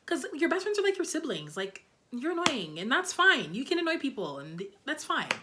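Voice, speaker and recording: A woman's voice: high-pitched, big pitch swings, brisk, noisy background. A young woman casually reviewing TV episodes, talking loosely with lots of "like" and "you know". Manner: chatty, loose, heavy on fillers like "like" and "you know". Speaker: TV show reviewer.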